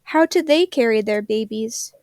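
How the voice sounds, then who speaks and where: Woman reader as a curious kangaroo kid, bright, eager, high. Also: moderate pace, dry recording, studio quality, close to an everyday voice.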